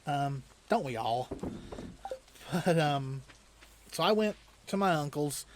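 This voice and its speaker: A slightly high-voiced man hosts a let's play and tells a loose, rambling story as he plays. He chuckles often and restarts his sentences as he goes. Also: expressive, slow pace, background noise. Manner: chuckles often while telling stories. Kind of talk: casual storytelling while playing a video game.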